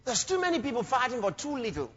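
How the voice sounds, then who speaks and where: A man preaching a sermon in an animated way, breaking into shouts and laughter. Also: very high voice, fast talker, breathy edge. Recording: dull lo-fi sermon recording with faint music.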